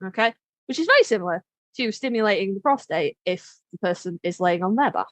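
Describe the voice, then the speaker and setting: A woman's voice: medium pitch, animated, fairly quick, a bit bright, dry recording. A woman hosting a podcast, explaining things in a frank, candid way, swearing and laughing easily. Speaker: podcast host. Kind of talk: casual explainer chat.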